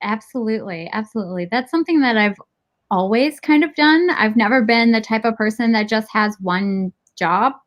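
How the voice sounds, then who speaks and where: A woman guest in a casual interview who tells her story in an animated way, acting out the dialogue she quotes and laughing as she goes. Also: on the high side, normal speed. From Michigan, United States.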